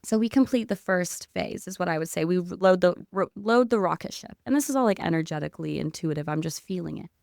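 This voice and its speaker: A woman guest on a podcast, telling a story in excitable casual chat with lots of "like" and spiritual talk. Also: lowish voice, brisk, gravelly, few pauses, no room sound, clean studio sound.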